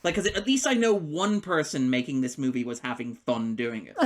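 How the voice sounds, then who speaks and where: A man talking film on a podcast in a loose, animated way, breaking into laughter and playing out little quoted voices. His pitch sits in an ordinary middle range. He sounds like an enthusiastic critic riffing with his co-hosts. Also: heavy background noise. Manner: animated, laughs often, acts out quotes in quick asides. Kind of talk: casual podcast chat.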